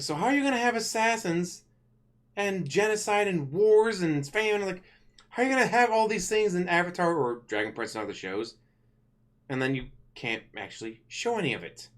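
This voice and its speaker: A man vlogging in a casual, complaining rant, animated and swearing freely. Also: high voice, moderate pace. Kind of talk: casual ranting commentary.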